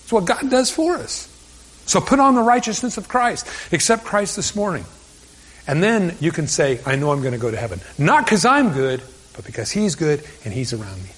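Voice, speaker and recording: A man's voice: high-pitched, very animated, moderate pace, fairly bright tone, husky, long reverb tail. A man preaching a sermon as a pastor, earnest and conversational, often stumbling and restarting his words.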